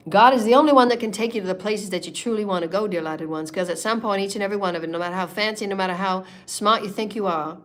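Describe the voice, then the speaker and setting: A woman leading a spiritual meditation in a sermon style, impassioned and repetitive, moving between soft murmurs and loud declarations. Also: medium pitch. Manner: repetitive, chant-like phrasing. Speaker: spiritual channeler.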